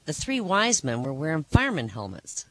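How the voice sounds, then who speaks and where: A rough recording captures a comedian hosting a small cafe comedy night, telling jokes to a live crowd at a moderate pace. Animated throughout, he switches into high voices to play characters in the jokes.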